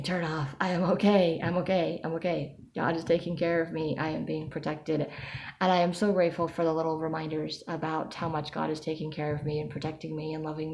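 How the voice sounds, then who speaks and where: A woman's voice: low voice, a little mellow, a little hiss or hum. A woman talking through her anxiety in a chatty personal video diary. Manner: anxious, chatty, self-reassuring. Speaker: vlogger.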